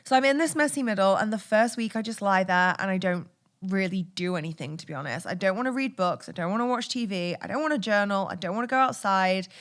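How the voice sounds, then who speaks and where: A woman's voice: mid-range voice, fairly bright tone. A woman hosting a podcast, talking candidly in a casual confessional monologue, swearing freely and laughing often. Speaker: podcast host.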